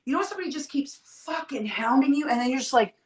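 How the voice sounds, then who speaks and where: A woman telling stories in a casual, profane, animated way, as a guest on a livestream call. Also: sits high, roomy sound, poor audio. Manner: profane, animated, quick storytelling. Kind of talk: casual storytelling chat. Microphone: livestream video call.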